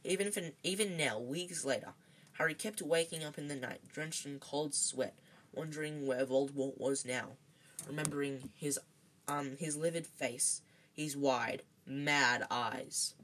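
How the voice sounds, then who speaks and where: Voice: medium pitch, unhurried, fairly bright tone, low-quality recording. A reader reading a novel aloud, slipping on words, restarting and filling with ums. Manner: reads with slips, restarts and ums. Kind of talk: amateur read-aloud of a novel.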